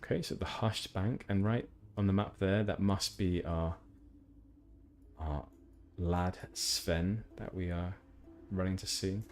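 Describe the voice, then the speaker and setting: A man's voice: sits low, steady tone, slow, darkish tone. A man streaming a game, chatting casually with rambling, self-deprecating asides. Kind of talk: casual gameplay commentary.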